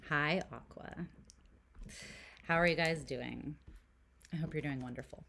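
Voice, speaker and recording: A woman's voice: sits low, unhurried, vocal fry, pauses often, a bit bright, slight background noise. A woman from Canada doing a casual tarot reading to camera, chatty and giggly, full of "like" and dropping into whispered asides. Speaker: tarot reader.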